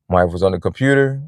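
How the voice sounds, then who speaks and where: Man, casual vlogger, lowish voice, rambling and earnest, outdoors in a parking lot, dry sound. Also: no room sound. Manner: rambling and earnest, with frequent "man" and "you know". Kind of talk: casual personal vlog talk.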